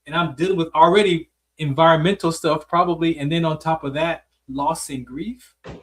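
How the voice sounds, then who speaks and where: A man with a fairly high voice hosts a casual interview. He tells stories in a reflective, rambling way, leaning on "like" and "man". His voice sounds a little far from the microphone. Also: fairly even intonation, normal speed, a bit bright. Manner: storytelling, reflective, uses "like" and "man" often. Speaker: host.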